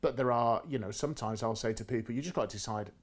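A man's voice: mid-range voice, fast talker. Man telling workplace stories with acted quotes. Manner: acts out quoted lines with inflection. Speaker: guest speaker on negotiation. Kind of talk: casual conversational storytelling.

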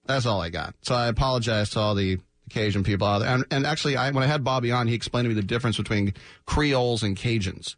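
Male sports radio host, studio mic, dry close sound, jokey and animated. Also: mid-range voice, fast, no room sound. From San Francisco Bay Area. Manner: animated, jokey, slips into mock voices. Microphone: studio microphone.

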